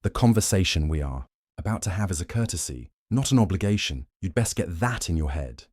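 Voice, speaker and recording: A fierce young werewolf Luna, as a man reads her, speaking in a cold, scornful, cutting way. The voice sits deep and low, and it sounds close and dry. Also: animated, a little fast, darkish tone, slightly rough, no room sound. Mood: bitter.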